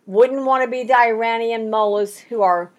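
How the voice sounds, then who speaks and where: A woman teaching a Bible study, emphatic, repeating key words and reading scripture with dramatic slowing. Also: on the high side.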